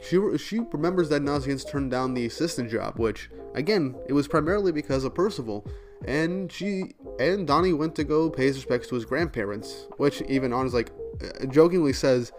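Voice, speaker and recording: Here's a man running through a comic chapter in a loose, chatty way, full of "like" and quick laughs. His voice sits at a middling pitch. Faint music plays underneath. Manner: chatty, many "like" fillers, laughs often. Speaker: manga reviewer. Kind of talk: casual chapter recap and commentary.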